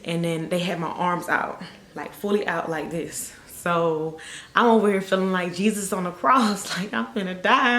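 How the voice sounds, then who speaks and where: Casting note: young woman, storytime vlogger, fairly low voice, echoey room. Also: a little hiss or hum. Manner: animated storyteller, acts out quotes. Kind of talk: casual storytime. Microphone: camera mic.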